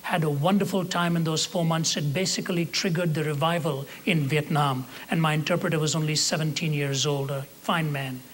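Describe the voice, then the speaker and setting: An older man preaches and tells a story with measured earnestness. His voice sits a little high for a man, and he slows down to stress key words. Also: steady tone, a little hiss or hum. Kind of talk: sermon storytelling.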